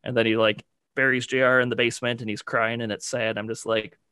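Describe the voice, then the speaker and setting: A man's voice: mid-range voice, little pitch movement, fairly quick, bright, forceful tone, smooth, no room sound, studio quality. A man co-hosting a podcast, talking casually and rambling with lots of "like" and "you know". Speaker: podcast co-host. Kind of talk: casual chat.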